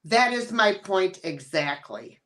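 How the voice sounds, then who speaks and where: Slow, relaxed chatty woman host. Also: medium pitch. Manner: relaxed, chatty, laughs easily. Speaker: channel host. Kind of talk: casual live-stream chat.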